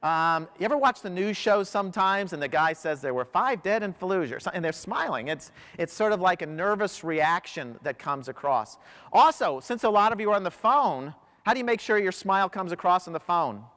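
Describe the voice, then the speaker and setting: A high-pitched man gives an animated keynote talk, telling stories and firing questions at a big crowd. His voice rings out with a long hall reverb behind it. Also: a little fast. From United States. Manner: animated storyteller, quizzes the audience. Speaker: professional speaker. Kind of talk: motivational keynote talk to a large audience. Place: large hall.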